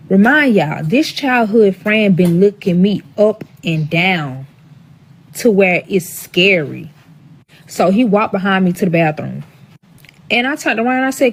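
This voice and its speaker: A woman recounting a wild personal story straight to camera in a casual storytime vlog. She swears constantly and plays up the drama, speaking to her audience as friends. Her voice sits at an ordinary middle pitch for a woman. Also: expressive, a little slow, husky. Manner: profane, dramatic, talks to the audience directly.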